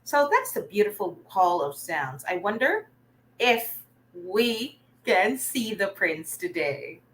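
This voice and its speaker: Bright, upbeat woman teacher. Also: mid-range voice, very animated, slow, low-quality recording. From Philippines. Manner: upbeat, praising, talks to viewers' comments. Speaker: online reading teacher. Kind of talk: livestreamed remedial reading lesson.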